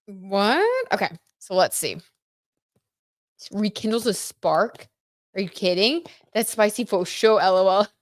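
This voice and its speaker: A woman's voice: mid-range voice, no echo, studio quality. A woman hosting a tarot livestream, chatty and giggly, talking straight to her viewers. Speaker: tarot reader, livestream host. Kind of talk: casual livestream chat, tarot reading.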